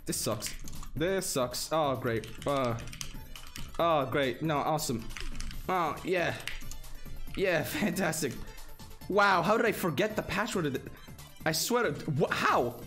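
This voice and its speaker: A man's voice: on the high side, expressive, measured pace, long pauses, a bit bright, soft background music. A young man streaming live, flustered and swearing as he reads game text aloud. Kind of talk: live gameplay commentary.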